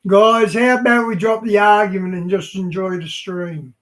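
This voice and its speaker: A man's voice: sits high, fairly even intonation, moderate pace, a bit bright. A man streaming and reacting to a show, making chatty asides to his viewers.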